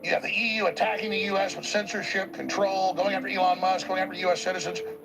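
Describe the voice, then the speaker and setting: Gravelly high-voiced man ranting emphatically. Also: little pitch movement, fast talker, background noise. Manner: emphatic, rambling, repeats words when pushing a point. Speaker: talk show host. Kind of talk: political monologue.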